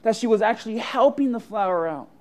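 A preacher giving a sermon and telling a story with dramatic swings from soft to loud. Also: mid-range voice, lively intonation, fast talker.

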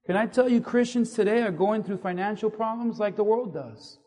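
A man preaching a sermon to a congregation, animated and asking the audience questions. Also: high-pitched, moderate pace. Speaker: pastor. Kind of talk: sermon with audience call-and-response. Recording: echoey hall reverb.

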